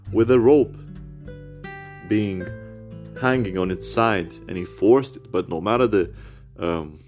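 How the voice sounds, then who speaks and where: A man's voice: lowish voice, gravelly, a little mellow. A man recording a personal rant podcast on a phone, bitter and rambling, swearing a lot.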